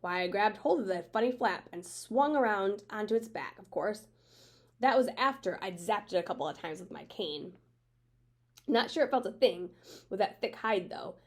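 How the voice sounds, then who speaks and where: A woman voicing a stern but loving older woman who guards magic, brisk and commanding, in a read-aloud of a children's book. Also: mid-range voice, expressive, lightly acted. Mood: firm. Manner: brisk, commanding, matter-of-fact.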